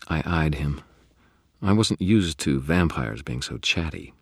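Very deep husky male narrator. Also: unhurried, no echo, clean studio sound. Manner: wry, deadpan storytelling. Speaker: audiobook narrator. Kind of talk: first-person novel narration.

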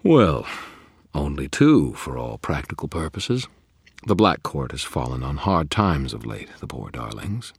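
Man doing a suave young vampire noble, genteel purring manner, lifted above his usual low husky tone, dry close sound. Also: very animated, unhurried, dry recording, exaggerated voice. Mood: silky courteous. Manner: genteel, purring and mock-polite. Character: suave, cheerful young male vampire aristocrat. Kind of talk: audiobook character voice.

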